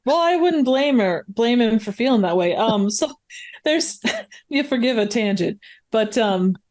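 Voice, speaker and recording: A woman's voice: fairly high pitch, animated, unhurried, darkish tone. A woman guest on a movie podcast, chatting casually with plenty of fillers and frequent laughter.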